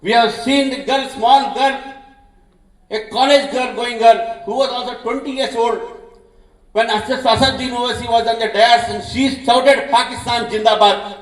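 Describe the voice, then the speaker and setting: A man's voice: very high voice, steady tone, normal speed. A man with an Indian accent giving an impassioned political speech at a public meeting. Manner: impassioned, declamatory. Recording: echoey hall, mic from far off.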